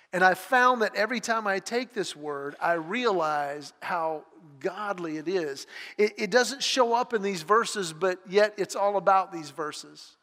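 A man with a notably high voice delivers an earnest, heartfelt sermon and tells personal stories as he builds in intensity. His words ring out with a long reverb, the way sound carries in a large church hall. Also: fairly bright tone. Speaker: pastor.

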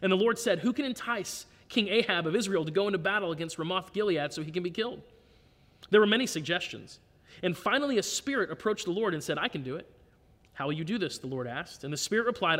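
A man's voice: high voice, lively intonation, a little fast, a bit bright. A man reading a defiant ancient prophet's words solemnly, with long hall reverb. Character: defiant ancient prophet speaking hard truths.

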